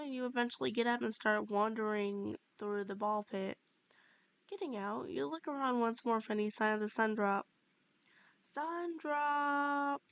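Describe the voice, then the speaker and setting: A woman's voice: medium pitch, no echo. A woman narrating a second-person fan-fiction story, reading steadily with small slips and restarts. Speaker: fanfiction reader.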